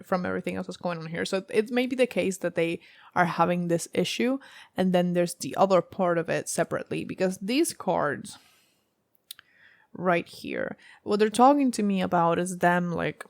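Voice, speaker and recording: A woman's voice: lowish voice, moderate pace, darkish tone, no room sound. A woman giving a casual tarot reading to camera, rambling and thinking aloud with many fillers. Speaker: tarot reader.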